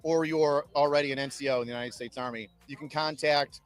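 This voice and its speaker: Male drill sergeant, 30s, animated storyteller, slightly high voice. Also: fast talker. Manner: upbeat, animated, recruiting pitch. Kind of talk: interview storytelling.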